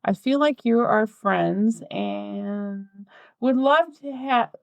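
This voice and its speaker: A woman's voice: mid-range voice, slow, vocal fry, clear, resonant tone, no echo. A woman co-hosting a podcast, chatting casually and reading listener mail aloud with playful asides. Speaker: podcast co-host.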